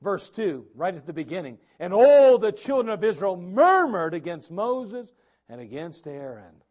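A man preaching a sermon as pastor, animated and acting out the people's words. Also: sits high, measured pace.

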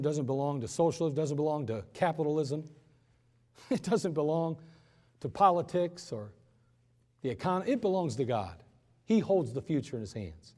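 Pastor guy preaching fired up, kinda high voice, gets loud then goes real quiet. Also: in a large hall. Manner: impassioned preaching, rising and falling in force. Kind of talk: sermon. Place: church.

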